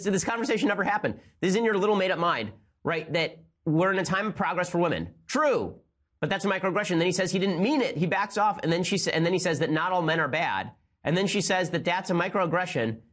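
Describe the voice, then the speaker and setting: A man in his thirties hosting a political commentary show, talking fast with sarcasm and disbelief. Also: fairly high pitch, a bit bright. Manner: rapid, incredulous, sarcastic. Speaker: host.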